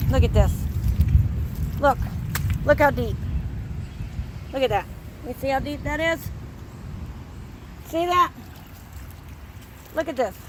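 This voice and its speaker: Upset homeowner, woman, high voice, slow delivery, phone video outdoors with faint ambient noise. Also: a bit bright. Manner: upset and exasperated, repeating "look". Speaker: homeowner filming her flooded yard. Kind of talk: phone video walk-through, complaining. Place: outdoors in a flooded, rainy back yard. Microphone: handheld phone.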